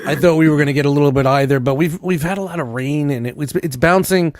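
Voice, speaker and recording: A man with a fairly high voice hosts a loose, jokey chat. He teases his friends and swears casually. His sound is dry and close, with no room around it. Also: fast, dry recording. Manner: joking, teasing, swears freely. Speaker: host. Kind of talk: casual banter.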